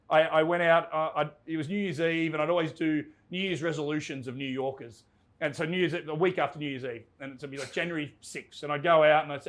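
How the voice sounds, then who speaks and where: An Australian man with a fairly high voice tells stories in an animated, laughing way. He often stops and restarts his sentences, like a guest chatting casually in a pub. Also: fairly quick. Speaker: guest, entertainment reporter. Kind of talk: casual storytelling chat.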